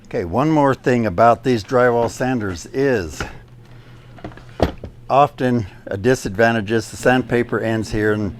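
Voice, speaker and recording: A man's voice: medium pitch, measured pace, slight background noise. A man demonstrating a drywall sander indoors, casually walking through practical, step-by-step pointers as a DIY YouTuber.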